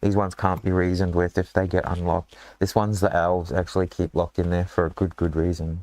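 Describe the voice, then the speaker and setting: A low-pitched man with an Australian accent talks loosely and rambles, thinking aloud through lots of fillers as he sketches a dungeon map. His voice is recorded close and dry, with no room sound. The talk is a casual, joking chat. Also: level tone, fairly quick, a little mellow, no room sound. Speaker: dungeon designer and show host.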